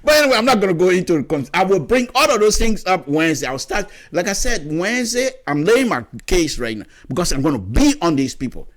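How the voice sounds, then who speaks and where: Liberian man, radio commentator, high and highly animated delivery, lecturing tone. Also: a little fast, few pauses. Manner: lively, lecturing, repeats words while explaining. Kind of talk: opinionated radio talk.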